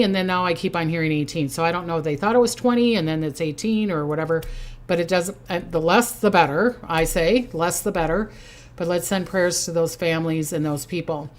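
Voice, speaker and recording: Older woman, Minnesota accent, lowish voice, rambling and chatty as a psychic hosting a casual livestream. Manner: chatty and rambling, reading out viewer comments. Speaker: psychic host.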